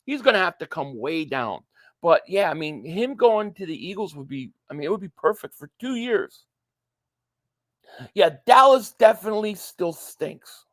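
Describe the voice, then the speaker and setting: Male stream host, high voice, dry close mic, chatty, reads out viewer comments. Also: very animated, normal speed, fairly bright tone, dry recording. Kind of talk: casual live stream chat.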